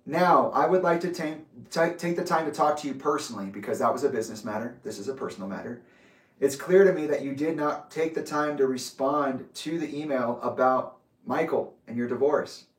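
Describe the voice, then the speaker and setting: Man reading a letter in an echoey room. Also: mid-range voice. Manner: measured, deliberate and methodical. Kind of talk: reading his own letter aloud with asides. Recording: roomy echo, distant from mic.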